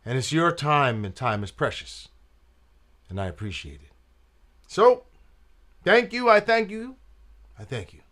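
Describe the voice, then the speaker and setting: Channel host, male, slow storytelling with a lively, swinging pitch and jazz slang. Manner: laid-back jazz slang, says "man" and "you dig". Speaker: trumpet player and channel host. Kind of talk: casual storytelling vlog.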